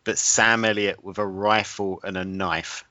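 A man's voice: deep voice, fairly even intonation, a little slow, pushed and bright, no echo. A man co-hosting a podcast, chatting casually and jokingly about a film he watched. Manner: jokey, laughs often, voices characters in retelling. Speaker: podcast co-host. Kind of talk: casual movie review chat. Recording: dull lo-fi, dry sound.

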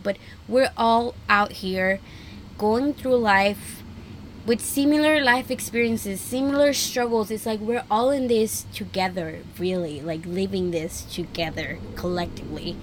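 A woman's voice: medium pitch, a bit bright, slight background noise. A young woman hosting her own podcast in casual solo chat, rambling and chatty with lots of "like". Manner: chatty, rambling, heavy use of "like". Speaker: podcast host.

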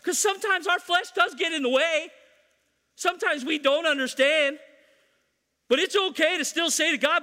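A man preaching in a very high, bright and forceful voice, pressing his points hard and repeating them, with playful teasing asides. His voice rings out in a church with a long, lingering reverb. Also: fairly quick. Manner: emphatic, repeats key lines, teases the congregation. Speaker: pastor. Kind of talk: sermon.

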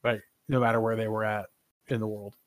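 A man co-hosting a gaming podcast in casual chat, animated and opinionated, swearing freely. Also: lowish voice, a little fast, no room sound, studio quality. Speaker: podcast co-host.

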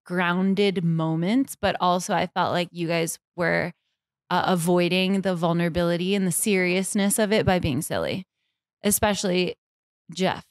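A woman's voice: fairly low pitch, normal speed, dry recording. A woman in her thirties co-hosting a casual podcast, teasing with dry humor. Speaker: podcast co-host.

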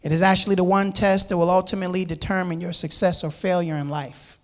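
A man's voice: high-pitched, flat delivery, fast. A man preaching a sermon, reading scripture aloud and explaining it to his listeners. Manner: reads scripture aloud and comments on it; repeats words and restarts, addresses listeners as "man".

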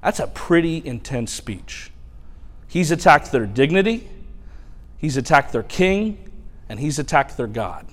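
Animated male preacher in a reverberant hall. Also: a little high, a little slow, long pauses. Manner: animated storytelling, colloquial. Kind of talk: sermon.

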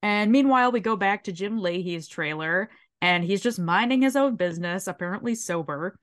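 Woman podcast co-host, sore throat, animated casual recap, mid-pitched. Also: moderate pace. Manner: animated, swears freely, briefly mimics characters while retelling. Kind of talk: casual chat recapping a show.

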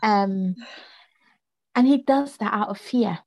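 A woman's voice: mid-range voice, slow pace, vocal fry, no echo. A woman co-hosting a casual Bible discussion, asking thoughtful questions with frequent fillers. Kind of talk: casual Bible study chat.

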